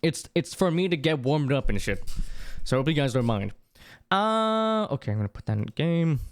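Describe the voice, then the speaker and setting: Young streamer just yapping to chat, super excitable, trips over words, voice swings up and down a lot. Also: medium pitch, moderate pace. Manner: rambling and excitable, with many restarts. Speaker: livestreamer. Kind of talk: casual chat with stream viewers.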